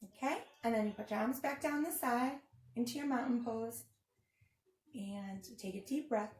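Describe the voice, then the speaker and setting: Gentle preschool teacher woman. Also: fairly high pitch, normal speed, reverberant. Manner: gentle, instructive, speaking to small children. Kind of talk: children's storytime and yoga lesson.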